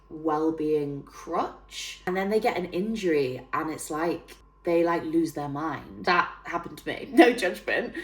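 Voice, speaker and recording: A woman of thirty with a northern English accent, chatting to camera in a bubbly way, full of fillers. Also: sits low. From northern England. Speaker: fitness trainer and YouTuber. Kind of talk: casual vlog talk to camera.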